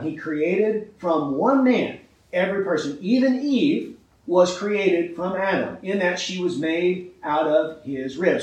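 A man's voice: on the high side, a little mellow, reverberant, far from the mic, low-quality recording. A man preaching a sermon with emphasis, often asking his listeners rhetorical questions and checking in with "right?".

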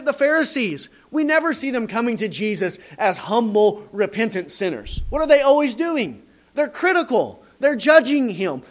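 Man, sermon, high-pitched voice, animated rhetorical delivery, keeps asking "right?". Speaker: preacher.

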